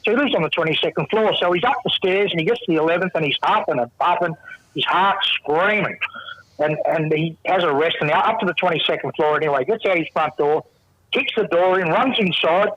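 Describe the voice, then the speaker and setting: A man's voice: a little high, a little fast, no room sound. An Australian man calling in, telling a joke in a laid-back, rambling way. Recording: muffled phone line.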